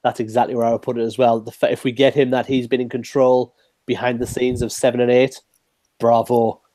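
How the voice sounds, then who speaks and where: A man co-hosting a podcast in casual chat, excitable and quick to laugh. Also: mid-range voice, no echo. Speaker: podcast co-host. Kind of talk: casual fan discussion.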